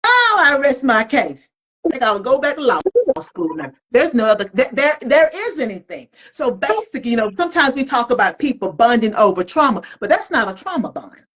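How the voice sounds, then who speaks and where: Slightly high and a little quick, with few pauses and a breathy edge, this middle-aged woman's voice is captured on poor audio. As a podcast co-host she talks candidly and colloquially, animated and self-reflective in easygoing conversation.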